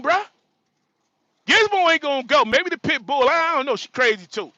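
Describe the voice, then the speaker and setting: High bright joking trucker man. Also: animated, moderate pace, dry recording, poor audio. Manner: joking, repetitive, frequent laughter. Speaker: livestream host; truck driver. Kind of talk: casual livestream talk.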